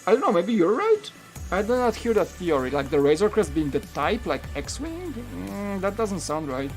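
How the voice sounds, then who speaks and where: A man's voice: high-pitched, moderate pace, faint music behind. A man from Poland with a Polish accent, chatting casually and rambling while he hosts a live building stream and answers viewers' questions. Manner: rambling, relaxed, many "like" fillers, answering chat questions. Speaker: live-stream host building a toy set.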